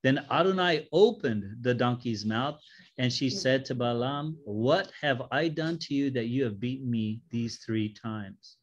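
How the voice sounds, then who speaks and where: A man's voice: medium pitch, a little slow, muffled recording. A man teaching a Bible study, reading scripture aloud and stopping to joke and explain it in a casual way.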